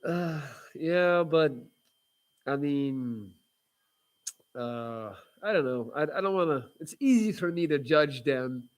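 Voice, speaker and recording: A man's voice: fairly high pitch, lively intonation, takes it slowly. A man hosting a casual livestream, chatting with viewers in a rambling, blunt way with lots of fillers and restarts. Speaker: livestream host reading viewer comments.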